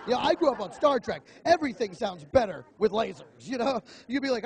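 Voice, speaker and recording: A young man doing a stand-up comedy routine on a club stage, telling stories animatedly and slipping into quick voices. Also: very high-pitched, very animated, vocal fry. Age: young adult.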